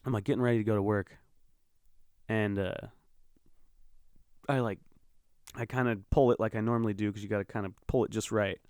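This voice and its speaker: A young man tells a long, meandering story on his own podcast, swearing freely and circling back with fillers. His voice sits a bit low and comes across smooth and clear. The sound is dry and close. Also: steady tone, fairly quick, long pauses, darkish tone, no room sound. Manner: rambling, profane storytelling with fillers. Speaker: podcast host. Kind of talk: casual monologue.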